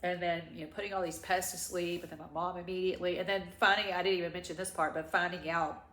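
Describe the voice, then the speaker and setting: A middle-aged woman vlogger crying as she tells a personal story, halting and rambling with many restarts. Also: on the low side, little pitch movement, a bit bright. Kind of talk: tearful personal story time. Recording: echoey room.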